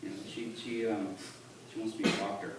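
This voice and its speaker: A man giving a halting, earnest personal testimony at church, recorded on a phone from the congregation. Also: fairly low pitch, level tone. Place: church sanctuary. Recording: echoey church on a distant phone, noisy.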